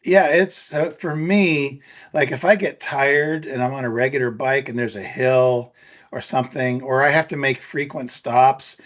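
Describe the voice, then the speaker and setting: A middle-aged man co-hosting a podcast, chatting in an upbeat way with quick asides. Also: medium pitch, fairly even intonation, fairly bright tone. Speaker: podcast co-host. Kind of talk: casual chat.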